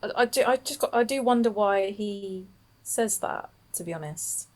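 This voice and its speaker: A woman co-hosting a podcast in casual chat, quick to laugh and agree. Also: mid-range voice. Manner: laughs easily, brief agreeing replies. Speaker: podcast co-host.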